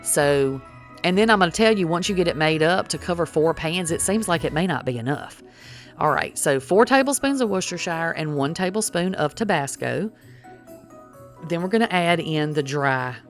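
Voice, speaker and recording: Chatty low-voiced woman cooking. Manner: chatty, folksy, addresses viewers as y'all. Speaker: cooking vlogger. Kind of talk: casual cooking demonstration.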